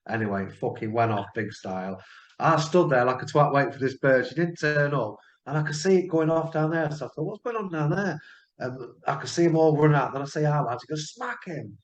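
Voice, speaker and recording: A man's voice: medium pitch, fast. Sweary man from Lincoln, blunt storyteller; roomy, dull recording. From Lincoln, England. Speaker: panel member. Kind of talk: storytelling in casual chat.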